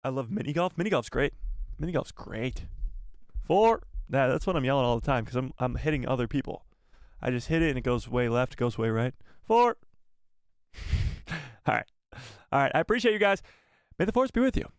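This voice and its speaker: A man's voice: mid-range voice, lively intonation, fast talker, clear, resonant tone, dry recording, clean studio sound. A man hosting a casual live stream, upbeat and rambling, often repeating himself as he chats to viewers. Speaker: YouTube live stream host.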